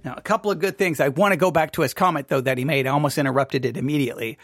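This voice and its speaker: High-voiced man reviewing a sermon. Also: very fast, dry recording, studio quality. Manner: rambling, restarts, mimics pastors. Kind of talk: casual commentary.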